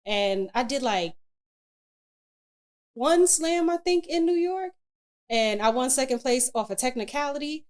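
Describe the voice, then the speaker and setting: A woman poet being interviewed, speaking in a fairly high voice. She talks candidly and colloquially, telling her stories with plenty of expression. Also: animated, measured pace, long pauses, darkish tone. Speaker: spoken word poet, interview guest. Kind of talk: casual interview chat.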